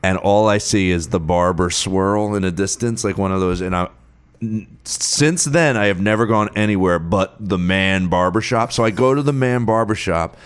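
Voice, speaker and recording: A man's voice: sits low, normal speed, smooth. A man hosting a podcast, telling a funny personal story and acting out the people in it. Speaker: podcast host. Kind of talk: comic storytelling.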